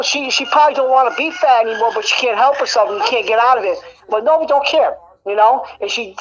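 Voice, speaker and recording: A woman's voice: on the high side, highs cut off. A woman angrily venting in a casual conversation at home, swearing often and full of fillers. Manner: angry, profane venting, many fillers.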